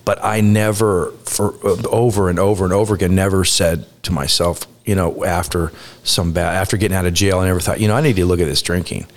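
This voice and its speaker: A man speaking as a guest, reflective and halting, with quick bursts between restarts. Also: low-pitched, fairly even intonation. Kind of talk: casual conversation.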